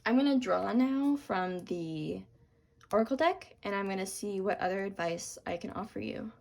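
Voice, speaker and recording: A woman's voice: mid-range voice, lively intonation, moderate pace, creaky. Young woman doing a tarot reading, kind and sorry-sounding, voice cracking a bit, lots of ums. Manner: gentle, reassuring, with frequent ums and apologies. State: voice cracking from talking a lot. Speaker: tarot reader.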